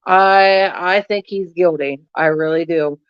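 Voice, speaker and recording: A woman's voice: lowish voice, fairly even intonation, measured pace, clear, resonant tone, no echo, lo-fi sound. A woman vlogging in a loose, rambling casual chat. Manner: chatty, rambling, talks to her cat between thoughts.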